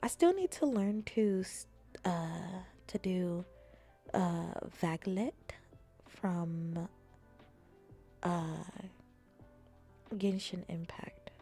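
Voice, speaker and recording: A woman streamer chatting casually with her viewers, playful and often slipping into soft whispers. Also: on the low side, very slow, long pauses, breathy edge, faint music behind. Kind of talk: casual chat.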